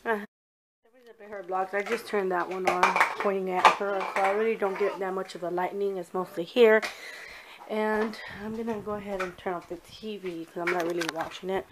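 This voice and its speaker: Heavy background noise surrounds a young woman's moderate-paced, medium-pitched voice, her intonation fairly even. She's a vlogger mom filming a relaxed home vlog with her daughter on a handheld phone, indoors and outside in the rain, addressing viewers in a blend of English and Spanish.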